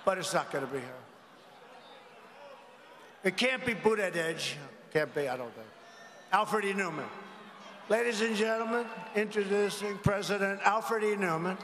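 A man's voice: high-pitched, big pitch swings, a little slow, long pauses, sharp tone, a little hiss or hum. A man giving a rambling campaign rally speech from a podium, with mocking asides to the crowd. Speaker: political rally speaker. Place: large indoor arena rally. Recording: echoey arena hall with faint ambience.

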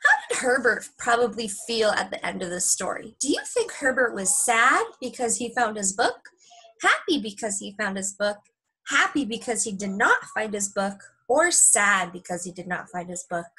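Young woman teacher at home, high and animated, reading to kids. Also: normal speed, slightly rough, poor audio. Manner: chatty, lively storytelling. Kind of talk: recorded lesson reading aloud to young kids.

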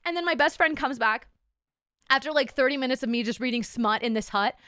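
A woman's voice: high voice, brisk, pushed and bright, smooth, no echo, studio quality. A young woman streamer telling a story to her chat in a casual way, swearing a lot, laughing often and playing up her own drama. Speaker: VTuber streamer.

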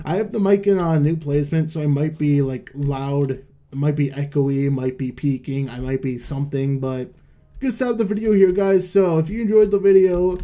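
Rambling young man with a mellow voice. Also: fairly high pitch, steady tone, normal speed. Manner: rambling, self-deprecating, trails off. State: holding back coughs, voice cracking. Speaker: gaming YouTuber. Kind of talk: casual gameplay commentary. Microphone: desk mic.

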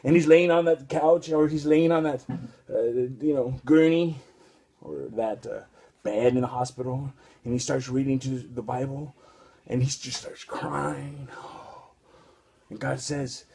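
A man's voice: medium pitch, measured pace, gravelly, mellow, slightly rough. A man preaching a casual, rambling sermon full of restarts and street slang.

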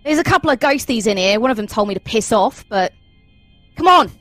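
A woman voicing a gruff, friendly male Aasimar warrior in a put-on Cockney accent that drifts toward Australian, coaxing and cheery. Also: a little high, animated, fairly quick, fairly bright tone, no echo, faint music behind.

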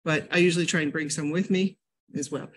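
An older woman from New England giving a casual health talk at a library, a chatty, animated storyteller. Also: low voice, fast talker, breathy edge. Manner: chatty, animated storyteller with sudden loud jumps and laughs. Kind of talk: casual lecture with personal stories.

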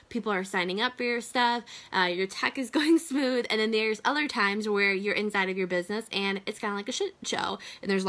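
A woman's voice: mid-range voice, a bit bright. A woman in a casual live video chat as a business coach, talking loosely with many fillers.

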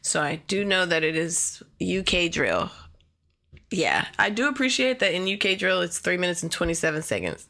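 A woman's voice: fairly low pitch, pushed and bright. A woman hosting a reaction video, talking casually and asking rhetorical questions. She often restarts and searches for her words. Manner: chatty, asks many rhetorical questions.

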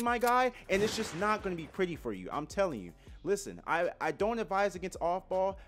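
A young man commentating his own basketball video game match, trash-talking and swinging between excited yelps and low mutters. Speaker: gaming YouTuber. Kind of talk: gameplay commentary.

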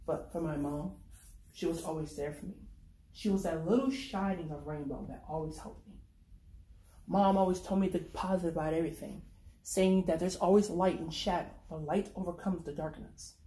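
A woman reading her own dark short story aloud in the first person, in a brooding, conversational way. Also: fairly low pitch, moderate pace. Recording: echoey room.

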